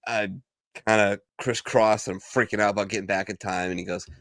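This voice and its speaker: A middle-aged American man hosting a casual live stream, telling profane, animated stories. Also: lowish voice, brisk, dry recording, clean studio sound. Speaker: podcast co-host. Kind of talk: casual banter and storytelling.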